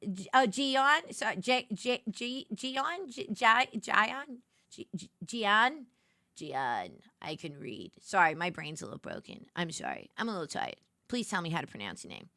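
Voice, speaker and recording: A woman's voice: mid-range voice, big pitch swings, normal speed, pushed and bright, no echo, clean studio sound. A woman hosting a casual late-night livestream, chatty and giggly, greeting viewers and playfully sassy. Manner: giggly, chatty, reads and answers chat. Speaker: livestream host.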